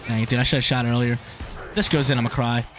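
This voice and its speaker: A young man giving live commentary over his own online soccer game, excitable and swinging between hype and frustration. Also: medium pitch, fast, over music. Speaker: gaming YouTuber.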